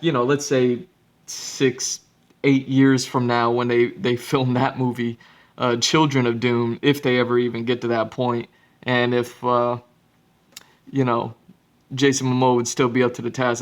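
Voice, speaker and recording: A man hosting a podcast, talking casually in a rambling way with many fillers and restarts. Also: medium pitch. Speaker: podcast host. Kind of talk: casual monologue.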